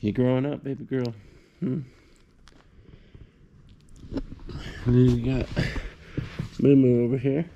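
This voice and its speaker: A man chatting casually to puppies on a vlog, slipping into high sing-song baby talk. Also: level tone, slow, pauses often, lo-fi sound, noisy background. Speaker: vlogger showing puppies.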